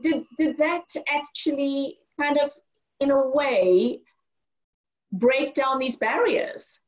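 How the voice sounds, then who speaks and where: A woman hosting an interview over a video call, encouraging and asking gentle questions. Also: high voice, slow, muffled recording. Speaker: interview host. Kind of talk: conversational interview.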